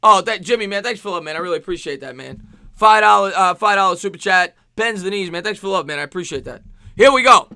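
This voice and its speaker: A man with a New York accent streaming live play-by-play football commentary, excitable, with rhyming calls and thanks to chat viewers. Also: sits high, quick pace, clean tone, no echo, clean studio sound. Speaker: sports streamer.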